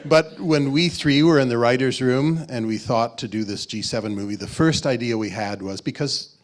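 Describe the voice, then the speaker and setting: A male film co-writer and director on a festival panel, telling anecdotes in an animated way and laughing often. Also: mid-range voice, normal speed. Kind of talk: casual panel talk.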